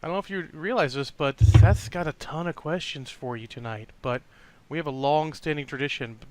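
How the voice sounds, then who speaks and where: A man's voice: on the high side, a little fast, a little mellow, dry recording. A man hosting a casual podcast chat over a video call, upbeat and laughing often. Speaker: podcast host.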